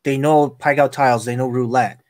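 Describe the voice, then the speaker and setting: Animated storytelling podcast host, man. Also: mid-range voice, a little fast, dry recording, clean studio sound. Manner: animated storyteller acting out quoted lines. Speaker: podcast host, casino dealer. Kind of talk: casual podcast chat.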